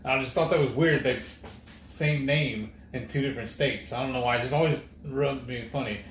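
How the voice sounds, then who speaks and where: A man's voice: medium pitch, fairly quick. A man with a Texan accent, co-hosting a casual livestream and telling easygoing stories. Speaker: livestream co-host. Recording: roomy echo with faint noise.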